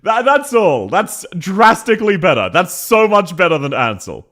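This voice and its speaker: A man's voice: high-pitched, big pitch swings, normal speed, fairly bright tone. A young Australian man streaming, joking and laughing as he ranks voice acting in casual chat. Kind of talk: casual chat, ranking reactions.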